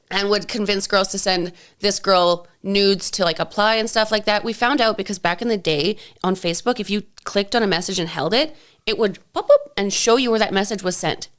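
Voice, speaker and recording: A woman's voice: mid-range voice, moderate pace. A woman co-hosting a podcast, chatting casually and telling stories, often acting out what other people said. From Canada. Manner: chatty storyteller, acts out quotes. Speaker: podcast co-host. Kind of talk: casual chat.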